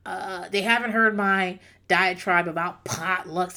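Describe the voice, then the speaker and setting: A woman's voice: fairly low pitch, steady tone, unhurried, few pauses, bright, forceful tone. Profane, rambling woman podcast host. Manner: profane, rambling, self-mocking storytelling. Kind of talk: casual comedic monologue.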